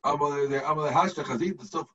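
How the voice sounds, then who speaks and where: A man's voice: a little high, quick pace, fairly bright tone, breathy edge, far from the mic, highs cut off. A man, a rabbi, teaching a text to his students over a video call, explaining step by step and checking in with the class.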